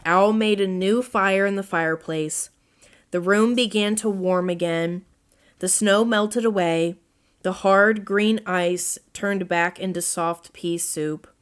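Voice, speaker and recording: A woman reading a children's storybook aloud as narrator, in a gentle read-aloud manner. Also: mid-range voice, steady tone, slow, clear, resonant tone.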